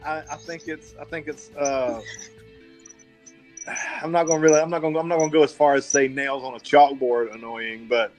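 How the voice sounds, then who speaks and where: A man's voice: fairly high pitch, fairly even intonation, fairly quick, faint music behind. Hesitant Southern man co-hosting a podcast. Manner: hesitant, many fillers and restarts. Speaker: podcast co-host. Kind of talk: casual chat.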